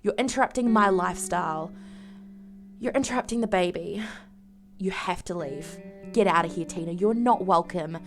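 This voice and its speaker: A woman's voice: fairly low pitch, moderate pace, long pauses, faint music behind, pitched below the performer's own voice, close to an everyday voice. A woman voicing a cold, haughty young woman who curtly dismisses her rival in a life-sim game story. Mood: dismissive.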